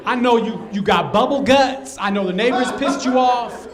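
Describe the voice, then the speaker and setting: A man with a high voice does stand-up and rants in an exasperated way, hitting his punchlines loudly. The club's echo rings around him. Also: normal speed, a crowd in the background. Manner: exasperated ranting, loud emphatic punchlines. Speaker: stand-up comedian. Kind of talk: stand-up comedy set. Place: comedy club stage with audience. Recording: roomy club echo.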